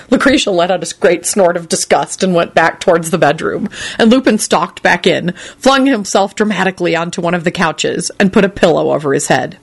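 A woman's voice: fairly low pitch, a little fast, creaky, slightly rough. A woman narrating an audiobook and acting out every character. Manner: expressive, acts out every character.

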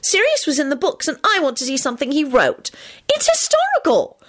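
A woman's voice: high voice, huge pitch swings, a bit bright, pitched above the performer's own voice, exaggerated voice. A woman voicing a worried adult mother in a fan-fiction reading. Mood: defiant. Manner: anxious, hurried.

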